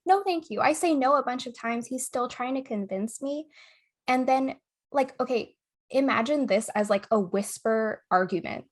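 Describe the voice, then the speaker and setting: Animated young woman telling a story. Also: a little high, moderate pace. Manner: animated, swears often, laughs mid-sentence, acts out quotes. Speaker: podcast co-host. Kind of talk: casual chat, storytelling.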